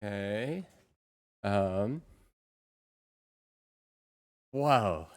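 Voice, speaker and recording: A young adult woman livestreaming in casual chat, excitable and quick to repeat herself in bursts. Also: very deep voice.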